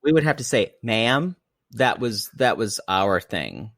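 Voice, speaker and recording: A man in his forties co-hosting a podcast, teasing and quick-witted. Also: on the low side, sing-song, a bit bright, no room sound, clean studio sound. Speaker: podcast co-host. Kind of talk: casual chat recapping reality TV.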